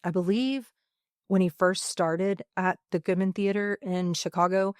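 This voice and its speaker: A woman who teaches high school theatre, speaking earnestly and emphatically in a podcast interview, with many fillers and pauses. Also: fairly even intonation, darkish tone, clean tone, no echo, studio quality. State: emotional.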